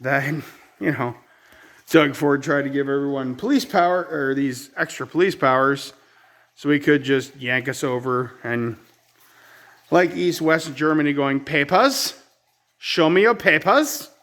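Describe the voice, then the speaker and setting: A man's voice: mid-range voice, measured pace, a bit bright. A man from Ontario, telling a rambling, exasperated story in a casual outdoor vlog on his rural homestead. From Ontario, Canada. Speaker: vlogger.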